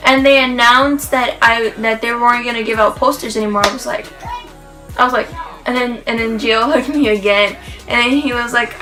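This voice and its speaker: A woman's voice: a little high, moderate pace, music in the background, poor audio. A woman vlogger telling a rambling, gushing story in a casual way, full of "like" and restarts. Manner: excited, rambling, gushing, heavy use of "like".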